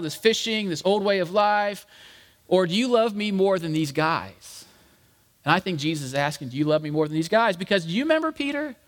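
Pastor guy, kinda high voice, chatty sermon, lots of reverb in the hall. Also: fairly bright tone. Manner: casual, jokey, addresses the congregation as guys; acts out quoted lines. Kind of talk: conversational sermon.

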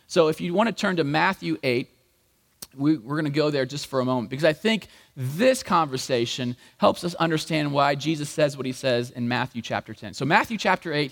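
A man preaching a sermon as pastor, animated and acting out the voices in the story. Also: on the high side. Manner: animated, acts out voices in quotes. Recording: long hall reverb.

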